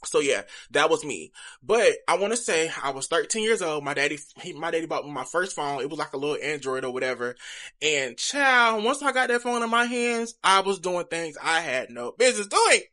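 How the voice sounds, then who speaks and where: A man's voice: a little high, lively intonation, fairly quick, sharp tone. A young man talking to viewers in a candid, chatty confessional vlog. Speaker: vlogger.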